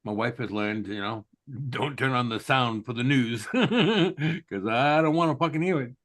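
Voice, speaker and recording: A man's voice: medium pitch, unhurried, fairly bright tone. Laid-back, swearing man. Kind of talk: casual chat.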